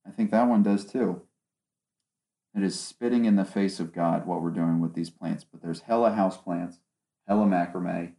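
A man's voice: low voice, fairly even intonation, moderate pace, dark tone. Sarcastic man ranting on a podcast. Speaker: podcast host. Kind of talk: solo casual podcast talk. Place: small home studio. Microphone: one omnidirectional microphone.

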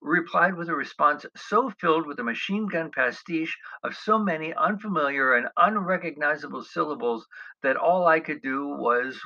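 In a creaky, bright voice on the high side, a middle-aged man from the United States forcefully recounts a funny travel mishap of his own. He's wry and self-deprecating, chuckling through asides, on a dull lo-fi recording.

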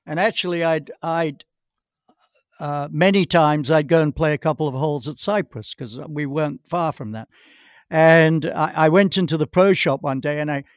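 A man's voice: fairly high pitch, normal speed, no room sound, clean studio sound. A man being interviewed as a guest, telling long anecdotes with restarts and hesitations. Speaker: golf pro, interview guest. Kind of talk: anecdotal storytelling.

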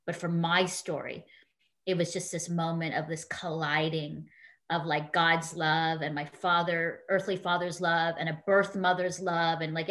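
A woman's voice: fairly low pitch, a bit bright. A woman guest in an interview, telling a personal story in an earnest, heartfelt way with frequent fillers.

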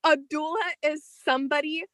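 A young woman in her teens, a guest in a casual interview, telling a personal story in an animated, chatty way with lots of "like.". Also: high-pitched, moderate pace, dry recording.

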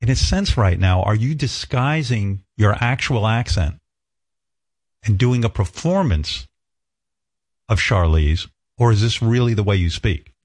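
A man hosting a comedic interview, teasing his guest with deadpan jokes and slow, deliberate phrasing. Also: fairly low pitch. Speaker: talk show host.

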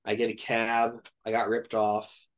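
A man's voice: on the low side, a little slow. Rambling man telling a travel story. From Ohio, USA. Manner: rambling, animated retelling with quoted voices. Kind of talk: casual storytelling.

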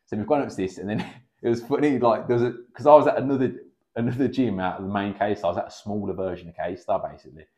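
A man's voice: on the low side, quick pace, a little mellow. A man in his thirties, a podcast guest telling stories in a chatty way, swearing freely and acting out what people said. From England. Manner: chatty, swears freely, acts out quoted dialogue. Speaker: podcast guest, kickboxing coach. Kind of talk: casual podcast storytelling. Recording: slightly dull lo-fi podcast audio.

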